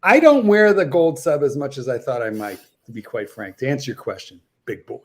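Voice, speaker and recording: A man chatting on a livestream panel in an animated way, with a lot of hesitant fillers. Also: medium pitch, brisk. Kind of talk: casual chat.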